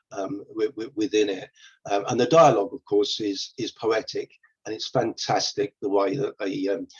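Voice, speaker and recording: A man with a low, husky voice presents old plays in a casual talk, stopping often for ums and restarts. The sound is dull and lo-fi. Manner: hesitant, many ums and restarts. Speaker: theatre company presenter. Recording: dull lo-fi recording.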